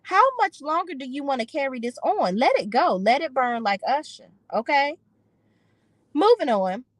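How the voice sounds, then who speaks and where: A woman's voice: sits high, big pitch swings, moderate pace, no echo, rough recording. A woman giving an opinionated, sassy recap of a reality TV episode, slipping into voices for the people she quotes. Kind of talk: casual recap commentary.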